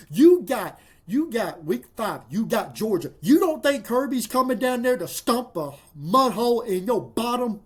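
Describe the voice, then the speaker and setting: A man ranting as a fan about football rankings, exasperated and animated. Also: high voice, normal speed, husky. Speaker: sports commentator. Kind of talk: fan reaction commentary.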